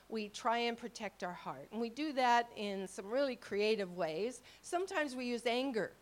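A woman giving a sermon with slides, telling stories and quoting conversations, with frequent questions to the audience. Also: a little high. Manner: storytelling, quotes people in dialogue. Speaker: ministry speaker.

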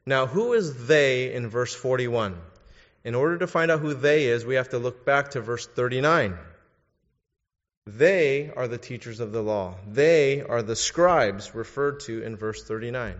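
A man's voice: mid-range voice, normal speed. A man preaching a sermon, asking his listeners pointed questions and urging them to think. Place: church. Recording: dull sound in a reverberant hall.

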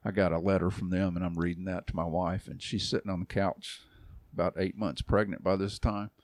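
A man around sixty, a youth pastor, tells a long story in a relaxed podcast chat, acting out quoted voices and laughing often. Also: deep voice, fairly quick, no room sound. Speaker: youth pastor and church elder.

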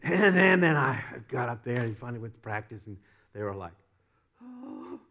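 A middle-aged man preaching a sermon, telling a personal story with lots of laughs, often repeating himself and rising from quiet asides to loud emphatic peaks. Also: medium pitch, lively intonation, brisk. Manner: repeats and restarts words. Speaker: pastor.

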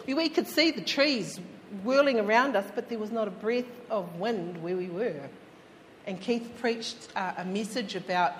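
A woman preacher tells stories from the pulpit in a relaxed, chatty way, often turning to speak straight to the people in front of her. Her voice sits a little high for a woman. It rings out through a large hall with a long reverb, and a faint hum lies underneath. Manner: chatty, addresses listeners directly. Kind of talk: conversational storytelling sermon.

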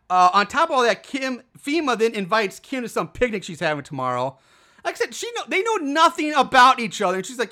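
Bright sharp voice going all over the place pitch-wise, cussing through a movie recap, super exasperated. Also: moderate pace. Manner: profane, animated, exasperated retelling. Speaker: podcast co-host. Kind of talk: casual movie recap chat.

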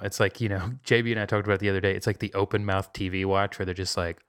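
Low-voiced man rambling enthusiastically. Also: fairly even intonation, racing, clear, resonant tone, no echo, clean studio sound. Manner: enthusiastic rambling with many "like" fillers. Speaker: podcast co-host. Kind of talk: casual chat.

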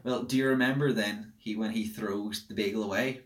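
A man's voice: lowish voice, fairly even intonation, brisk. A young man hosting a casual podcast chat, chatty and easily amused, recorded without a proper microphone. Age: young adult. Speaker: podcast host.

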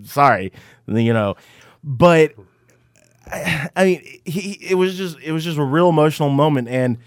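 Man, podcast co-host, fairly high voice, stammering, rambling, swearing, dry close sound. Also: animated, moderate pace, dry recording. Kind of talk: casual chat recapping a TV episode.

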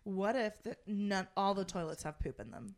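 A woman co-hosting a podcast in casual comedic chat, deadpan and teasing, spinning absurd what-ifs. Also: medium pitch, normal speed. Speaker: podcast co-host.

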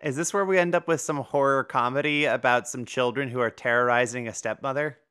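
A woman's voice: rumbling low, fairly quick, heavy background noise. A woman co-hosting a podcast, casual and wry, often laughing. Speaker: podcast co-host. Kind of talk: casual chat.

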